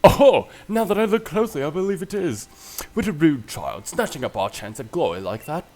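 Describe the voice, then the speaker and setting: A man's voice: a little high, sing-song, a little fast, darkish tone, voice pushed up. A man voicing a haughty, pompous nobleman who sneers at a child. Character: pompous haughty man, elder royal descendant.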